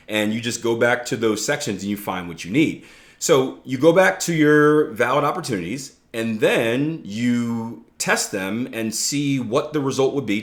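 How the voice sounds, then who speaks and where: A man hosting a trading podcast, explaining ideas in a relaxed, conversational way with playful asides and frequent "right?" checks to the listener. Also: mid-range voice. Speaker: trading coach and podcast host. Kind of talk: casual instructional podcast talk.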